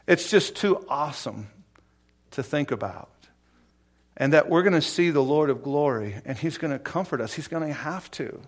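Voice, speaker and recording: Man, pastor, middle-aged, sermon, folksy storytelling, hushed to booming. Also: expressive, measured pace, husky. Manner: swings from hushed whispers to loud emphatic exclamations; folksy, personal storytelling with laughter.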